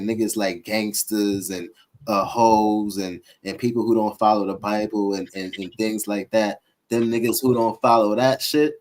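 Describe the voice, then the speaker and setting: A man with speech, rambling in a drowsy, low-key way through casual podcast chat, full of fillers. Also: darkish tone.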